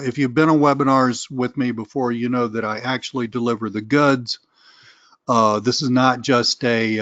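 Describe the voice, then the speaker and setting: A man's voice: mid-range voice, a bit bright, no echo, dull audio. A middle-aged man with a Southern US accent, talking casually and rambling as a coach on a webinar. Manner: chatty, rambling, self-deprecating, occasional cursing. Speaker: online business coach.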